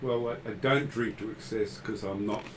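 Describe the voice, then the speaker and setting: A man's voice: fairly low pitch, steady tone, normal speed, noisy background. A man playing in a tabletop game, mostly answering with short, agreeable replies. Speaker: player. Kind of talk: casual tabletop play chat.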